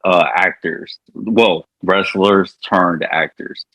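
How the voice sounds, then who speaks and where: A man co-hosting a podcast, speaking in a halting way with many restarts. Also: sits low, steady tone, pushed and bright, dry recording, poor audio. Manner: halting, restarts often, hesitant. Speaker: podcast co-host. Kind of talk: casual chat.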